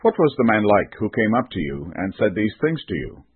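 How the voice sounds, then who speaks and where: Anxious injured king read by a man, husky low voice, tinny audio. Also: very animated, moderate pace, no echo, exaggerated voice. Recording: tinny band-limited recording.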